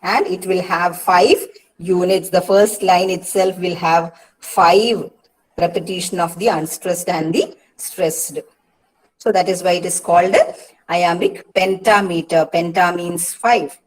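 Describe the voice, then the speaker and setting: A woman with an Indian English accent giving a patient lecture to students, often pausing with "uh" and "see" and repeating key points. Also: lowish voice, steady tone, rough recording. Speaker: English literature teacher. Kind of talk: online lecture on poetic meter.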